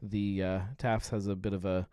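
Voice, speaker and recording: A man's voice: deep voice, flat delivery, moderate pace, dark tone, clear, resonant tone, no echo, clean studio sound. A man hosting a casual live beer-tasting stream, rambling with many fillers and reading viewer comments aloud. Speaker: livestream host.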